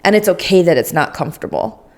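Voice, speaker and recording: A woman's voice: on the low side, lively intonation, quick pace. A woman co-hosting a podcast in casual chat, laughing often and acting out quoted voices. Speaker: podcast co-host. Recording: uneven sound quality.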